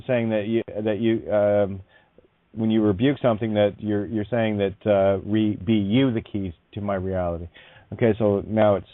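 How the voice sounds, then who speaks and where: Radio host guy, low voice, stops and restarts a lot, dry tinny line. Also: no echo. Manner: halting, many fillers and restarts, musing. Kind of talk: call-in radio talk. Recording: dry phone-line sound.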